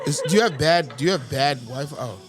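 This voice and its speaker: A man co-hosting a casual comedy podcast, rambling, profane and animated, laughing often, on a podcast mixer mic. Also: on the high side, fast, a loud crowd. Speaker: podcast co-host.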